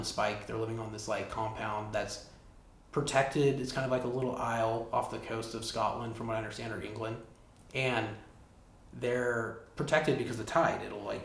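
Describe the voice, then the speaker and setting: A man hosting a casual solo podcast, retelling a film plot in a rambling way, full of "like" and swearing. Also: on the low side. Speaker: podcast host. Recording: roomy backup recording with faint hiss.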